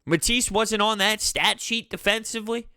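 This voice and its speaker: A man giving an exasperated, animated fan's reaction to his team's loss as a sports vlogger. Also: high-pitched, moderate pace, smooth, no echo, clean studio sound. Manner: animated, exasperated, laughing through frustration. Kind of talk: fan reaction commentary.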